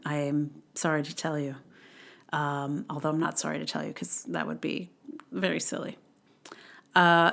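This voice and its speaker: Woman podcast host from New York, slow and unhurried, lowish voice, rambling chatty monologue. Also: a bit bright, clear, resonant tone. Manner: rambling, chatty, self-deprecating asides.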